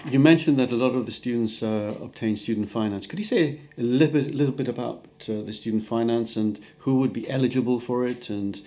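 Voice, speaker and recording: A man's voice: medium pitch, brisk, hardly any pauses, mellow. A man hosting a podcast interview, asking polite questions and affirming his guest's answers. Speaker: podcast host.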